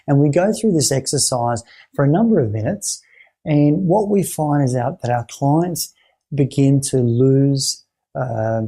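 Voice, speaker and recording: A man teaching clinicians how to run a therapy exercise, his voice warm and a touch husky. He talks in a halting way, circling back over words and restarting sentences as he explains. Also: mid-range voice. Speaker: therapy trainer.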